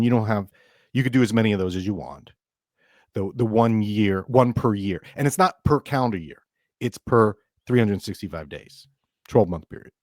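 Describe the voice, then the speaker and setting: Man, middle-aged, low voice, chatty radio host, emphatic asides, dry studio sound. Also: a little mellow, dry recording. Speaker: financial advisor and podcast host. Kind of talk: casual radio-show explainer.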